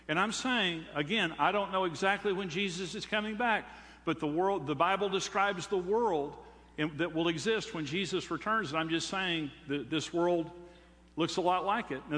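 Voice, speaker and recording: A man's voice: fairly high pitch, fairly bright tone. An older man, preaching a sermon as a pastor, emphatic and preacherly, pressing his points with rhetorical questions. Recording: long reverb of a large hall.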